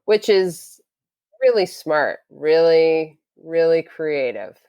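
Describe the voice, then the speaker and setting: A woman with a notably low voice, recorded close and dry, tells a casual interview story. She is a lively storyteller who acts out the lines of the people in it. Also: takes it slowly, clear, resonant tone, dry recording. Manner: lively storyteller acting out quotes. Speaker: podcast guest.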